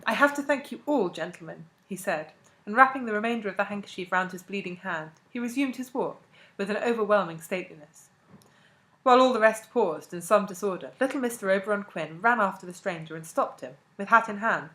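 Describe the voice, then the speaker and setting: Woman, audiobook narration, classic novel, measured, expressive, mid pitch. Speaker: audiobook reader.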